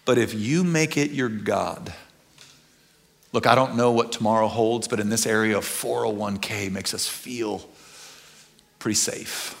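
A man preaching a sermon as pastor, animated and earnest, swinging from loud excitement to quiet intensity. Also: fairly low pitch, measured pace, creaky.

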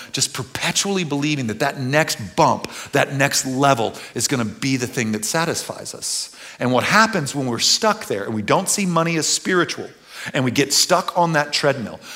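A pastor preaches a sermon, animated and earnest, swinging between loud excitement and quiet intensity. His voice is a little high.

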